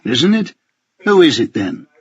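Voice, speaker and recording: A man's voice: a little high, sing-song, unhurried, slightly rough, muffled recording, pitched above the performer's own voice, exaggerated voice. A man voicing a suave, ironic male spy handler in an audiobook, mock-formal and dryly polite. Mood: wry. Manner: mock-formal and dryly polite, calls others sir and master. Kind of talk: audiobook character voice.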